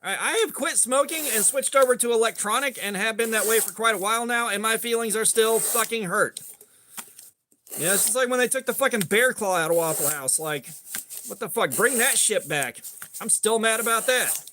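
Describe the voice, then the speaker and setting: A man's voice: high voice, lively intonation, brisk, sharp tone, slight background noise. A middle-aged man hosting a casual livestream chat, rambling and swearing freely with a lot of filler. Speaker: host.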